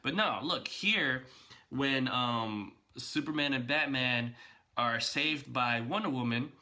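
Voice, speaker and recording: A man giving casual, animated reaction commentary as a video blogger, chatty and full of fillers and restarts. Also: medium pitch, takes it slowly.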